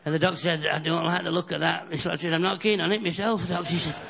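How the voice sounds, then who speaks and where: A man from the north of England doing a bawdy stand-up routine, telling stories and slipping into quick character voices. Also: a little high, fairly even intonation, creaky, crowd noise. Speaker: stand-up comedian. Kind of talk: stand-up routine with crowd laughter. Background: audience laughter.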